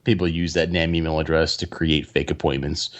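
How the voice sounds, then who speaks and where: Low-voiced guy on a podcast, lots of uh and restarts, casual rambling. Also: level tone. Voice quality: halting, many restarts and fillers. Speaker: podcast co-host. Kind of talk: casual chat.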